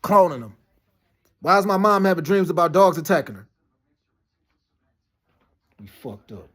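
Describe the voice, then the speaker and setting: Fast, high-voiced man ranting heatedly. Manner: rambling, profane, heated and insistent. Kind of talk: casual monologue.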